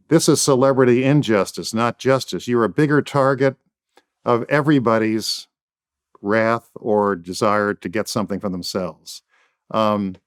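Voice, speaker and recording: With a lowish, clean-toned voice, a man answers interview questions as a guest defense attorney. His points are firm, delivered in emphatic phrases he repeats.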